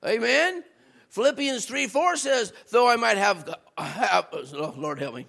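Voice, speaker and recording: A man preaching a sermon as a guest preacher, talking to the congregation in a loose, conversational way. He rises to shouts at points and drops lower and slower when he reads scripture. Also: creaky. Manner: conversational and animated, rising to shouts.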